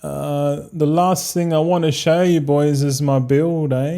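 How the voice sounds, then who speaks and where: A man's voice: fairly high pitch, steady tone, a little slow, vocal fry, warm tone. An Australian man live-streaming a game, chatting casually and rambling, with frequent swearing and matey slang.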